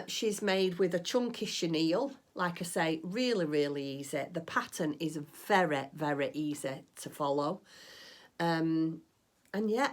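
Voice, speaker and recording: Chatty low-voiced woman vlogger. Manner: chatty, rambling, gushing with delight. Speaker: crafting vlogger. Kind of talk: casual chat.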